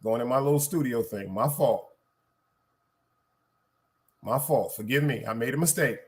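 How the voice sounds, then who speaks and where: A man's voice: mid-range voice, normal speed. A man from Brooklyn with a Brooklyn accent, hosting a live podcast stream in casual, profane, rambling chat aimed straight at his viewers. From Brooklyn, New York.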